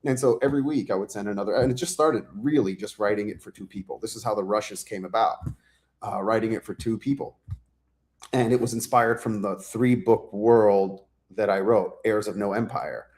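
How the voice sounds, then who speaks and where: A low-voiced man chats as an author guest in a relaxed interview. He rambles with plenty of fillers and acts out the lines people said, swearing without a second thought. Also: moderate pace. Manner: animated storyteller, acts out quotes, swears freely; loose and rambling with many fillers. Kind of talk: casual interview chat.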